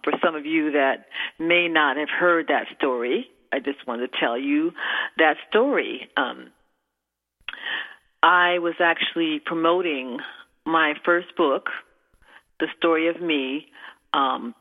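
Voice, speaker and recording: Woman host on a tinny phone line, slow and chatty, bubbly and rambling. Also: deep voice. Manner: bubbly and rambling, with many fillers and restarts. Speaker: radio show host and minister. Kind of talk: casual chat on internet radio.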